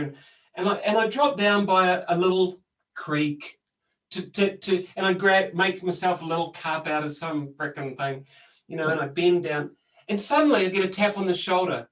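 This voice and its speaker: A man co-hosting a casual conversation, telling stories in an animated, rambling way with lots of restarts. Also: high-pitched, distant mic, low-quality recording. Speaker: co-host. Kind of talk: casual conversation about personal growth.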